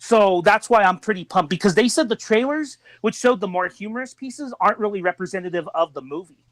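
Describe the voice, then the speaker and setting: A young man with a fairly high voice co-hosts a podcast, chatting in an upbeat, joking way. His voice is close and dry, with no room sound. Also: lively intonation, brisk, fairly bright tone, dry recording. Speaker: podcast co-host. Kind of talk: casual chat.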